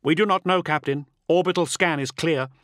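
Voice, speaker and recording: A man's voice: fairly high pitch, moderate pace, fairly bright tone, dry recording, clean studio sound, pitched above the performer's own voice, close to an everyday voice. A man voicing an anxious male radio officer giving a tense, formal report. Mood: tense urgent.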